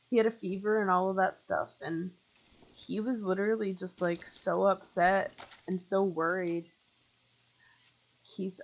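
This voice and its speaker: A woman's voice: mid-range voice, fairly bright tone, poor audio. A young woman live streaming a game, rambling chattily with lots of fillers and talking straight to her viewers. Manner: talks to chat viewers directly. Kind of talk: casual chat while playing.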